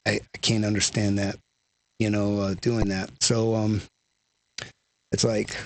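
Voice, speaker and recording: A man's voice: on the low side, level tone, measured pace, no echo. A man guest, a lead singer, telling stories in casual conversation, rambling and full of "you know" and "like".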